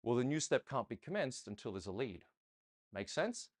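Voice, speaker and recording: A man's voice: mid-range voice, very animated, moderate pace. Man coaching ballroom dance, counting steps. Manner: explains patiently, counts steps aloud, checks in with listeners.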